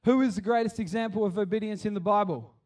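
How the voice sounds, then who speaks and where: High-voiced man preaching at kids church. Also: quick pace, a little mellow, far from the mic. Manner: casual, repeats and restarts, builds to passionate appeals. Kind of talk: sermon. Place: church hall.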